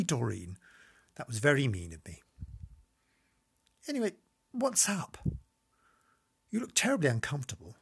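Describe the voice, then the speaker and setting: A man's voice: medium pitch, huge pitch swings, normal speed, pauses often, husky. Theatrical man with swooping delivery. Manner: theatrical, camp, swooping between squeals and mutters. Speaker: podcast host. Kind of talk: comic monologue.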